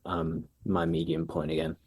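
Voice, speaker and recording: A man's voice: rumbling low, monotone, normal speed, darkish tone, husky. A man in his thirties, a musician answering interview questions in an easygoing way with frequent ums. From Australia. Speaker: musician guest.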